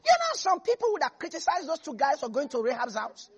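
A preacher giving an animated sermon, repeating lines for emphasis and laughing often. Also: high-pitched, fast talker, highs cut off. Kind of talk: lively sermon.

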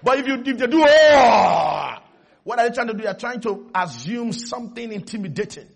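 A male pastor preaching a lively sermon, often shouting and breaking into laughter. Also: extremely high pitch, fast. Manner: animated, shouting, laughing at his own points.

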